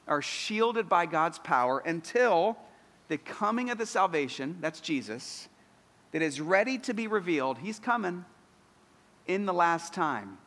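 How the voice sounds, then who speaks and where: A man's voice: high voice, very animated, unhurried, a bit bright, big-room sound. A man in his thirties preaching a sermon as a pastor, earnest and building to emphatic declarations.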